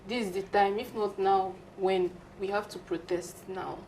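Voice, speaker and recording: Soft-spoken woman, far from mic. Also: mid-range voice, steady tone, moderate pace. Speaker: studio guest.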